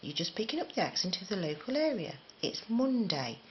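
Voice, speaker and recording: A woman's voice: medium pitch, sing-song, a little fast, slight background noise, close to an everyday voice. A woman voicing a strict middle-aged mother who firmly corrects her children's speech. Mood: scolding. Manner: firm, scolding, precise diction. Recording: slightly dull lo-fi recording.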